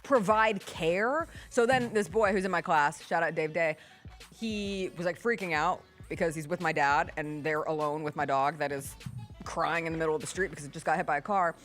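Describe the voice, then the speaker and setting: A woman's voice: deep voice, moderate pace, fairly bright tone. A woman host leading a casual talk show chat. She tells stories in a chatty way and laughs easily. Faint music plays behind her.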